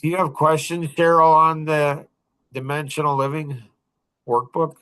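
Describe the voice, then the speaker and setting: A man's voice: on the high side, little pitch movement, unhurried, fairly bright tone, clean tone. A man in his fifties hosting a podcast, telling rambling stories in casual chat and chuckling often. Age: 50s. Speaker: podcast host.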